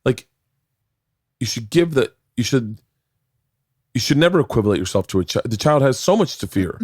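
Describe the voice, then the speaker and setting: A man's voice: medium pitch, sing-song, normal speed, a little mellow, breathy edge, no echo, studio quality. A man in his forties talking in a casual podcast chat, rambling and restarting his sentences, with some swearing. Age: 40s. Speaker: podcast guest.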